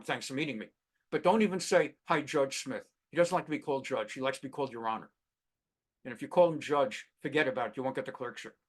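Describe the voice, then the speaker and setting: A middle-aged man teaching a Bible class as a rabbi, talking conversationally and acting out little quoted exchanges between people. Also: medium pitch. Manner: conversational, acts out quoted exchanges, many fillers. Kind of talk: lively classroom lecture.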